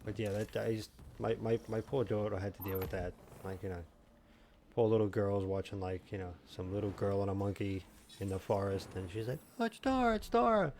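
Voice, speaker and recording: A man's voice: on the low side, little pitch movement, brisk, slight background noise. Rambling man streaming a shooter game. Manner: rambling, jokey, shouts in bursts when mocking. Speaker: gaming streamer. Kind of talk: casual live-stream chat while playing. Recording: game gunfire audible in background. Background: game gunfire and explosions.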